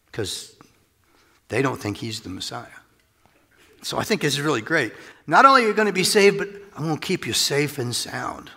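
Male preacher, gravelly and bright, animated sermon delivery with whispered asides, reverberant hall. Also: mid-range voice. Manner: animated, laughs often, drops to a whisper for emphasis. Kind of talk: expository Bible teaching.

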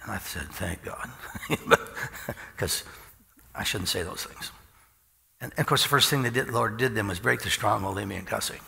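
A man's voice: lowish voice, moderate pace, gravelly, long pauses, sharp tone, big-room sound. A middle-aged man preaching an informal sermon, telling folksy stories and chuckling often.

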